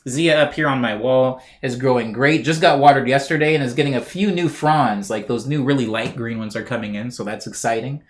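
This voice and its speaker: A man's voice: mid-range voice, brisk, few pauses. Chatty male streamer reading chat. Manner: relaxed, chatty, reads chat aloud with small laughs. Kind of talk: casual live-stream chat.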